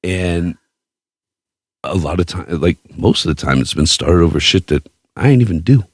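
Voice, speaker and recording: A man hosting a podcast, telling a story in casual chat with a profane, boastful, animated way of talking. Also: deep voice, normal speed, husky, dry recording, clean studio sound. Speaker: podcast host.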